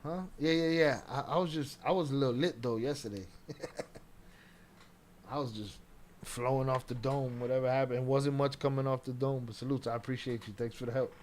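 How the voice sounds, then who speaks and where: A man's voice: medium pitch, fairly even intonation, fast talker, hardly any pauses, darkish tone, slight background noise. A man giving loose, slangy, profane commentary as a streamer. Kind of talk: casual commentary.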